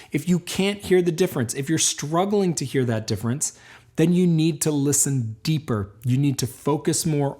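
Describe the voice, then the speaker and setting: A man teaching a banjo lesson, explaining and encouraging in a calm, clear way. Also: on the high side. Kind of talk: instructional lesson.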